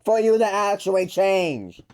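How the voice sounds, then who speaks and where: A YouTuber with a high-pitched, slightly mellow, expressive voice speaks at a measured pace while calling out his older brother to the camera. The rant is mocking and exasperated, rambling, and full of stumbles and restarts.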